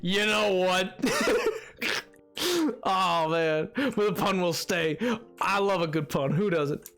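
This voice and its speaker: A streamer chatting casually during a live game session, rambling and excitable, reading chat aloud with frequent restarts and now and then slipping into a joking put-on accent. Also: medium pitch, slow pace, faint music behind. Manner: sometimes puts on a joking accent. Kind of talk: casual livestream chat while playing a building game.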